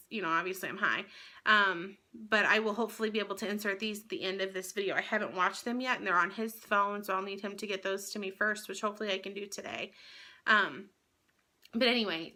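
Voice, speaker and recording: A woman's voice: mid-range voice, pushed and bright. A young woman vlogger telling a personal story in a candid, rambling way, swearing freely. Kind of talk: casual storytelling to camera.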